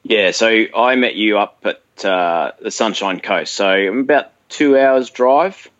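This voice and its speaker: A man with an Australian accent, a guest runner telling race stories in a relaxed way with fillers. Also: lowish voice, slow pace, no echo, lo-fi sound. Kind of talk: casual phone chat.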